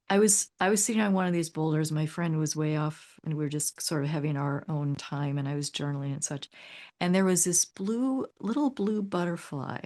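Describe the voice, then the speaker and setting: A woman's voice: low voice, a little mellow. A woman interviewer sharing a story and asking questions in a musing way, full of fillers. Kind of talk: conversational interview.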